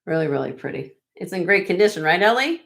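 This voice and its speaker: A woman's voice: on the low side, sing-song, fast talker, creaky. A woman hosting a live online jewelry auction, chatting upbeat with viewers and laughing often. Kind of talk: live-stream auction chat.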